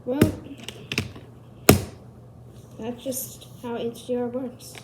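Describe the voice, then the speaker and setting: A woman's voice: on the high side, steady tone, extremely slow, very noisy. A woman hosting a casual tech explainer video, rambling and correcting herself as she goes. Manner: rambling, self-correcting, chatty. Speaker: video host.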